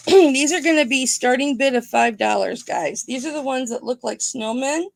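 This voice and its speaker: A woman hosting a live online jewelry auction, chatting playfully with her viewers and thinking out loud. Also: high-pitched, moderate pace, creaky, dry recording. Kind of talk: casual live-stream auction patter.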